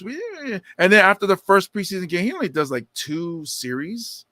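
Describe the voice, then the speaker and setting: Guy cohosting a podcast, chatty and lively, dry mic, higher voice. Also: moderate pace, hardly any pauses, dry recording. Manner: animated, jumps into high quoted voices. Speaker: podcast co-host. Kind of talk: casual chat, storytelling.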